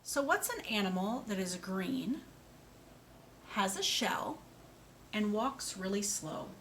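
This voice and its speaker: A woman speech therapist giving a slow, clear lesson to a young child, praising answers and asking simple questions. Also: medium pitch, very animated, fairly bright tone, slight background noise. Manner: slow, clear, sing-song and encouraging, with animal sounds.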